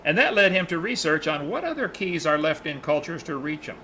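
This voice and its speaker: A man leading a Bible study, telling a story in a lively, animated way. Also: a little high, brisk, a little hiss or hum, low-quality recording. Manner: animated, acts out the characters' lines in his retelling.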